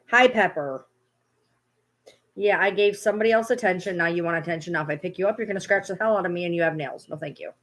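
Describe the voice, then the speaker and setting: A woman's voice: fairly low pitch, brisk, long pauses. A woman vlogging casually at home, playfully scolding her dogs in a baby-talk tone. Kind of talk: casual vlog chat.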